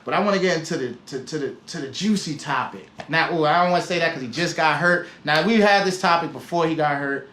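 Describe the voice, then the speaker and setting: A man's voice: fairly high pitch, quick pace, few pauses, fairly bright tone, roomy sound, a little hiss or hum. A man hosting a sports podcast, talking casually in a laid-back way with hedging fillers. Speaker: podcast host.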